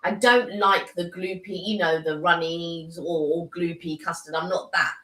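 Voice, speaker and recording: A woman co-hosts a casual live stream and talks about food with emphatic enthusiasm. Her voice is bright and crisp. The room gives her voice a clear echo. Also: lowish voice, fairly even intonation, normal speed. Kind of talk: casual chat. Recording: roomy echo.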